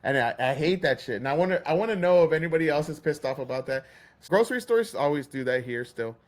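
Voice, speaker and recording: Man, host, fired-up profane rant, a touch high in pitch. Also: lively intonation, fast talker. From Texas. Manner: heated, swearing, acts out store clerks. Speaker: podcast host.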